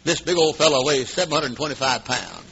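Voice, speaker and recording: A man preaching a fiery revival sermon in a church, swinging from shouts to hushed asides and coughing now and then. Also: mid-range voice, expressive, a little fast, creaky, slight background noise. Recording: dull lo-fi old recording.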